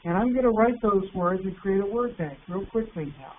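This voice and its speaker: A man presenting an online teacher workshop, patient and encouraging, reading words out slowly. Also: high voice. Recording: tinny phone-like line with faint hiss.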